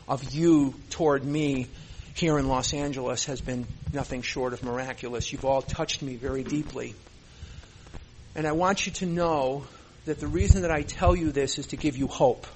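A man with a slightly high voice gives an impassioned speech to a recovery meeting, with slight background noise. He speaks earnestly and emotionally, repeating phrases for emphasis while holding back tears.

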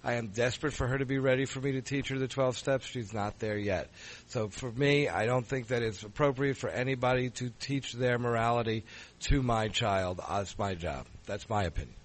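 A middle-aged man moderating a panel, frank but halting, full of fillers. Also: mid-range voice, rough recording. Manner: hesitant, many fillers, frank.

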